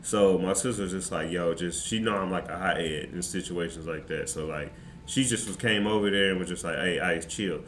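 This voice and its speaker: A man streamer telling a story in casual, slangy, animated fashion. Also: sits low, fairly quick. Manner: animated, slangy, excitable retelling. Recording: roomy with faint background noise.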